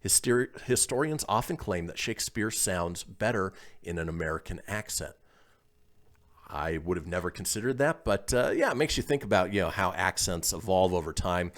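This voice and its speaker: Low guy hosting a radio show, reads posts out, lively up and down voice, chuckles a lot. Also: normal speed. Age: adult, calls himself old. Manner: reads listener posts aloud, chuckles often. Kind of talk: casual radio chat.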